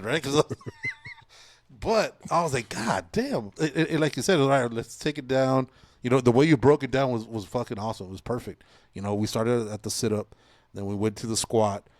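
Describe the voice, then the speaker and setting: Profane, animated man in his forties. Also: medium pitch, no room sound. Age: 40s. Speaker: podcast host. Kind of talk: casual chat.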